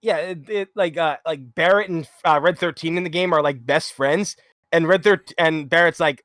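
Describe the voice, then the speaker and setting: A man co-hosting a charity stream, chatting casually and telling stories in a loud, animated way. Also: fairly high pitch, moderate pace, dry recording, studio quality. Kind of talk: casual chat.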